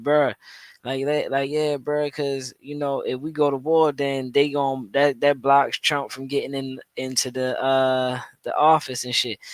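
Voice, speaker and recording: A man's voice: mid-range voice, a bit bright, no echo. Slangy man riffing on a clip. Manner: slangy, repetitive, restarts. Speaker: podcast host. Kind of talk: casual commentary on a played clip.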